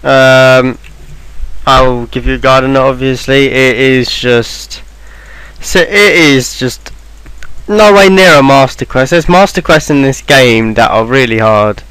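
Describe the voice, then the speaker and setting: This game guide maker narrates a casual walkthrough in a rambling, offhand way, full of ums and restarts. His medium-pitched voice is slow, slightly bright and smooth. The recording is dry but rough.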